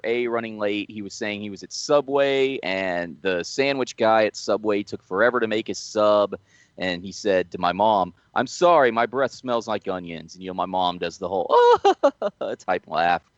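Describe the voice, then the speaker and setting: A man with a low voice spins a rambling story in easygoing podcast chat, stumbling over his words now and then. His mic sounds dry and a little muffled. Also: smooth, no room sound. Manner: rambling anecdotes, frequent restarts and laughs. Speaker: podcast co-host.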